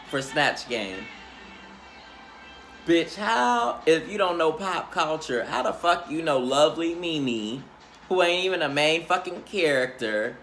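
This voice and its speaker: Sassy, animated man dishing gossip. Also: fairly high pitch. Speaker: reality show recap host. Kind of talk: casual recap commentary.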